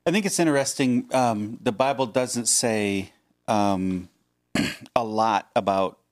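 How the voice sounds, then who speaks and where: A man co-hosting a podcast who reads Bible passages and talks them over in a measured, thoughtful way. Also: fairly low pitch, no room sound, studio quality. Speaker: podcast co-host. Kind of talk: Bible reading and casual discussion.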